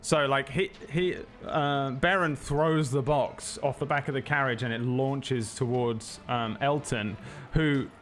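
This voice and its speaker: A man's voice: mid-range voice, steady tone, measured pace, fairly bright tone. A man, narrating a tabletop game as game master in a rambling, joking way with many fillers.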